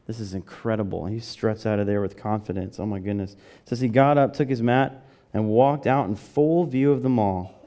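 Mellow-voiced man preaching a casual sermon. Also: on the low side, normal speed. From American South. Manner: conversational, builds to excited emphasis.

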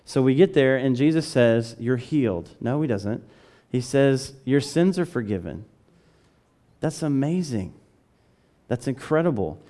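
A man from the American South preaching a conversational sermon, building to excited emphasis. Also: mid-range voice.

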